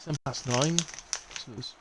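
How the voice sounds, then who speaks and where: Bristolian male race commentator, relaxed and rambling, fills dead air with chat, mid-pitched voice. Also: takes it slowly, noisy background. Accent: Bristolian English. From Bristol, England. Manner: chatty, rambling, fills gaps with asides. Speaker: sim racing league commentator. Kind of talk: live casual race commentary.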